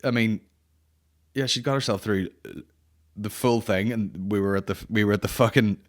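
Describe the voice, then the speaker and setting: A man's voice: lowish voice, moderate pace. A man, hosting a podcast and telling a rambling, sweary comedic story with lots of restarts. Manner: sweary, rambling, animated anecdote with frequent restarts. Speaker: podcast host.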